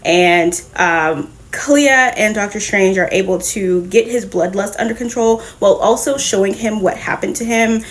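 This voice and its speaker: A woman hosts a casual comic book review, retelling the story in a lively, profane way and laughing quickly along the way. Her voice is medium-pitched, and the talk is a relaxed recap and reaction.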